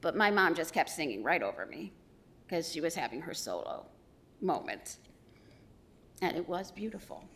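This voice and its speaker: Woman giving a eulogy, low voice. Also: big pitch swings, moderate pace, long pauses. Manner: warm storytelling with gentle humor. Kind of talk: funeral eulogy.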